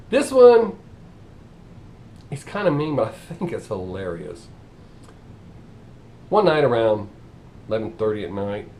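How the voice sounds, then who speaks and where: A man telling crude street jokes in a casual, animated way, laughing at his own punchlines. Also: mid-range voice, a little hiss or hum. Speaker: comedian.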